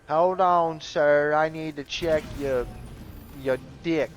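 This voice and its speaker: A man's voice: on the high side, steady tone, slow pace, pitched above the performer's own voice. A man putting on a bossy security guard. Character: pushy male security guard demanding checks.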